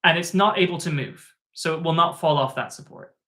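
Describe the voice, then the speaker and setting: Male tutor, slightly high, crisp and forceful tone, animated casual storytelling. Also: fairly quick. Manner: animated, chatty, lots of fillers. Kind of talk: casual spoken anecdote.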